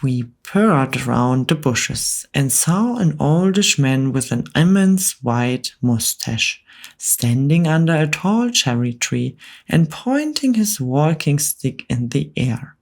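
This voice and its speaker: Brief: soft-spoken female storyteller, unhurried whispered role-play for bedtime. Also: low voice, lively intonation.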